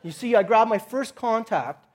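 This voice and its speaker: A man preaching a sermon, opening with a lively personal story and acting out his own cries. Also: high voice, normal speed. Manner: animated storytelling, acts out his own shouting. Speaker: pastor.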